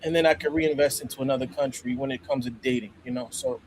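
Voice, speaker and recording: An American man in casual podcast chat, animated, laughing often and restarting his sentences. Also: mid-range voice, fast, a little hiss or hum. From United States.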